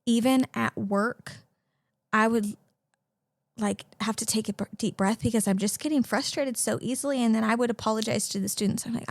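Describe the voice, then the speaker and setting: Chatty young woman with a gravelly edge. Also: a little high, steady tone, normal speed, no echo, studio quality. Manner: chatty, many "like" fillers. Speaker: podcast co-host. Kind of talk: casual chat.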